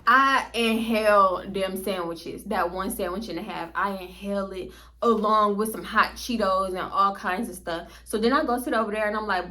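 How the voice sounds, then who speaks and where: A woman vlogger telling a story to her viewers in a casual, animated way, often laughing and speaking straight to them. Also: medium pitch, moderate pace.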